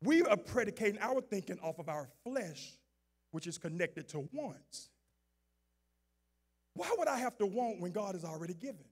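A man preaching a sermon as pastor, moving from low, conversational talk to shouted, fervent preaching. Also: sing-song, normal speed, pauses often, husky.

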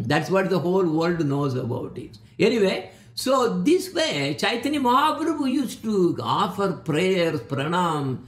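High-voiced man giving a devotional talk. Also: roomy sound. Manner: repeats words while searching, chants verses slowly. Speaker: spiritual speaker. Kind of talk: devotional discourse.

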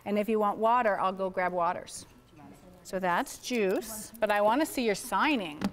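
A woman's voice: medium pitch, normal speed. A woman teaching a baby sign language class indoors, cheerfully coaxing and praising toddlers and chatting with their parents. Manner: upbeat, coaxing and praising little children. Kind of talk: leading a toddler signing class.

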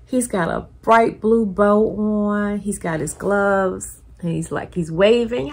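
A middle-aged woman chatting casually through an unboxing, gushing and repeating her delight in an excitable way. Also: medium pitch, a little slow, gravelly, hardly any pauses, breathy edge. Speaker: collector YouTuber.

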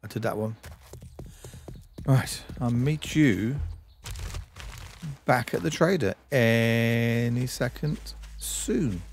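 A man's voice: medium pitch, takes it slowly, long pauses, slight background noise. A man streaming a game, giving chatty let's-play commentary and talking to himself and to objects on screen.

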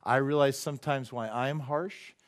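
A man preaching a sermon in a church, animated and joking, acting out quick voices for the people he talks about. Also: mid-range voice. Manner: animated, acts out voices and jokes with the congregation. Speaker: pastor.

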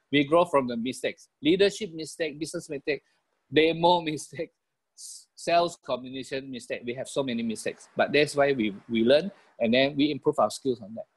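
A man with a Malaysian English accent giving a motivational business talk over a video call, animated, chuckling and repeating key phrases. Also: mid-range voice, moderate pace, slightly rough.

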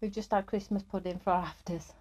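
A woman's voice: mid-range voice, fairly even intonation, a little fast, darkish tone. A woman, middle-aged, hosting a live craft stream in an upbeat, chatty way and greeting viewers by name.

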